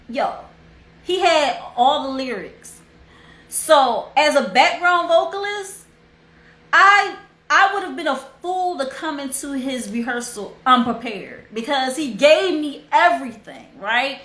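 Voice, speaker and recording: A young woman hosts a casual livestream, her fairly high voice carrying a story with open emotion. She talks in a chatty, heartfelt way and circles back to repeat what matters. The sound is roomy, with a clear echo around her. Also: expressive, takes it slowly, a bit bright. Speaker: host.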